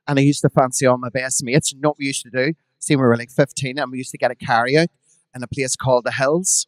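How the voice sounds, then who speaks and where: A man in his fifties with a broad Belfast accent spins bawdy, lively anecdotes, acting out the people in them as he goes. His voice sits mid-height and sounds close and dry. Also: medium pitch, fast talker, dry recording. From Northern Ireland. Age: 50s. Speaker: drag performer guest. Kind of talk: live podcast storytelling. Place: live podcast stage, dry close mic.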